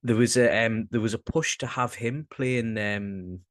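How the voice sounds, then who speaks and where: Low-voiced Northern English man, halting chat. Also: no echo. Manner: rambling, halting, swears casually. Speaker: podcast co-host. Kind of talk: casual chat.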